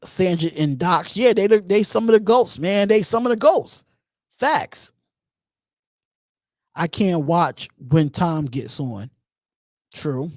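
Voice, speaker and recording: Call-in show host from Philadelphia, male, high voice, lively and repetitive, dry mic. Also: slow, pauses often, no echo. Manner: animated, repeats himself, reads and answers chat questions. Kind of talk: live call-in show chat.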